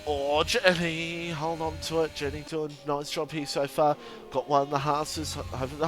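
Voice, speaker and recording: A man's voice: fairly high pitch, flat delivery, moderate pace, a bit bright, soft background music. A young man commentating a sim racing league stream, chatty and laughing as he banters with chat and co-hosts. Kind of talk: casual live stream commentary.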